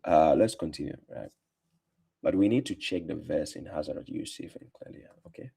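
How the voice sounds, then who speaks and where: A man's voice: a bass voice, normal speed, creaky, dark tone, slightly rough. Combative male streamer. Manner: combative, mocking, repeats himself for emphasis. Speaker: livestream host answering comments. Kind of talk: casual livestream talk.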